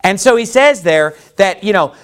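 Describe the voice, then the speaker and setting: A man's voice: sits high, lively intonation, normal speed. A man preaching a sermon as a pastor, emphatic and conversational, with frequent "you know" asides.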